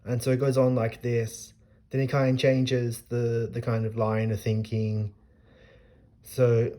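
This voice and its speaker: A man's voice: mid-range voice, flat delivery, unhurried, mellow. A man casually explaining a poem, thinking aloud with frequent hesitations and restarts. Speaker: literature explainer. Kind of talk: casual spoken poetry analysis.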